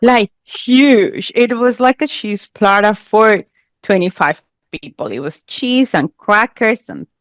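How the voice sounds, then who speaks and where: A woman, not a native English speaker, telling a funny story in a casual podcast chat, animated and laughing often as she acts out what people said. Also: mid-range voice, slow pace, dry recording. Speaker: podcast guest.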